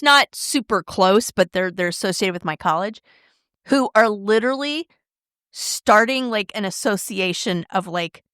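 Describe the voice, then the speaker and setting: A middle-aged woman co-hosting a podcast, talking in a candid, animated way and often asking "right?". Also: medium pitch, dry recording, clean studio sound. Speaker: podcast co-host. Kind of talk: casual chat.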